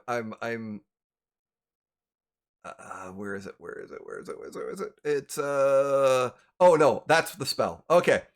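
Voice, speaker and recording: Lively man running a tabletop game. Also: mid-range voice. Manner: lively, flustered rules talk. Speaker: game master.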